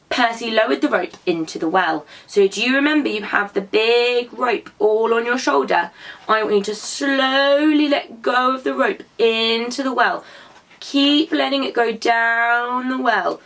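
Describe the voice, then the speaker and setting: A woman who teaches drama to young children, telling a story and prompting them to act it out in an animated, encouraging way. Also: on the high side, a little slow.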